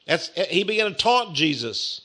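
A man preaching a sermon, emphatic, repeating key phrases and reading scripture slowly. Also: a little high, very animated, bright, forceful tone, husky.

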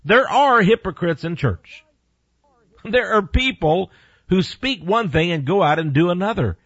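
This animated preacher delivers an emphatic sermon with wide shifts in pitch and loudness, talking to his audience directly and bluntly and reading scripture in a slow, deliberate way. The recording is dull and lo-fi, without echo.

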